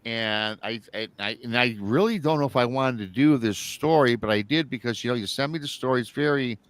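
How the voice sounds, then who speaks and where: Speaking a little fast in a mid-range voice, the host rambles through a listener's story on his live show. He repeats himself, performs the quotes, and there's no echo.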